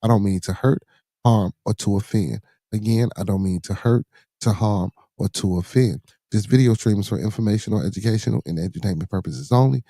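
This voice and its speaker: A man's voice: fairly low pitch, brisk, dark tone, dry recording, clean studio sound. A middle-aged man from Chicago with a Chicago accent, hosting a solo live-stream podcast in laid-back street slang, repeating his phrases and greeting viewers in the chat. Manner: laid-back street slang, repeats phrases, constant "you know what I'm saying". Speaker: podcast host.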